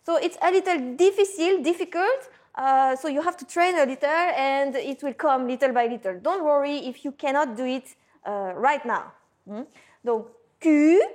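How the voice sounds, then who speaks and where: A woman, a teacher patiently coaching pronunciation and often checking in with "hmm?". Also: high voice. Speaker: French teacher. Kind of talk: pronunciation lesson.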